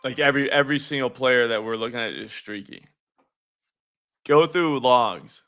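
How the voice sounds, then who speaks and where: A man's voice: mid-range voice, moderate pace, a bit bright, soft background music. A man hosting a live sports betting stream, chatting loosely and profanely with viewers. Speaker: sports betting show host. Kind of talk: casual live-stream chat.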